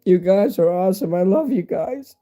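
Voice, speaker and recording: Man in his fifties, live streamer. Hoarse, stuffy-nosed, mellow voice, rambling and candid. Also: sits high, expressive, normal speed. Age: 50s. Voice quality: stuffy nose. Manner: rambling, candid, talks straight to viewers. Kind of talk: casual live-stream chat with viewers.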